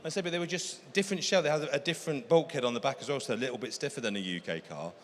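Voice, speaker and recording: A man's voice: medium pitch, racing. An English man giving enthusiastic, knowledgeable commentary as a car expert at a live auction. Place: auction hall. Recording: hall reverb with faint room noise.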